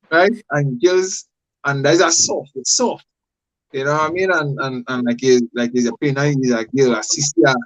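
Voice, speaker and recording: A man's voice: a little high, low-quality recording. A man on a casual men's panel, speaking earnestly and a bit hesitantly.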